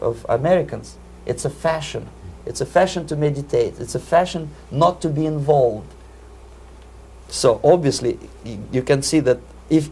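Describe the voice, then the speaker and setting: A man's voice: medium pitch, vocal fry, mellow, slightly rough. A middle-aged man, giving emphatic interview testimony and often repeating words as he searches for phrasing. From Soviet Union. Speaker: interview guest, former propaganda agent.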